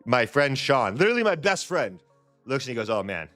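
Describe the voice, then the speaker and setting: A man's voice: medium pitch, sing-song, a little fast, fairly bright tone, no echo, faint music behind. A man hosting a live trading stream in a loose, chatty way, repeating phrases and restarting his sentences. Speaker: livestream trading host. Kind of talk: casual live-stream chat.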